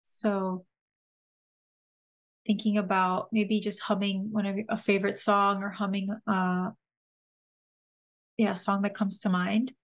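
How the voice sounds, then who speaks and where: A woman hosting a podcast, slowly and gently guiding listeners through a breathing and humming exercise. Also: medium pitch, level tone. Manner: gentle, slow guiding instructions with soft laughs. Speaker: podcast host leading a somatic exercise.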